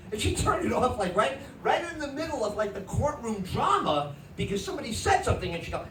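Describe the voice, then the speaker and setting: A middle-aged man tells a stand-up story on a comedy club stage, acting out family voices and shouting the big moments. His pitch swoops widely. He is picked up from a distance in an echoey room with audible noise. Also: fast talker. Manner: animated, acts out family voices, shouts punchlines.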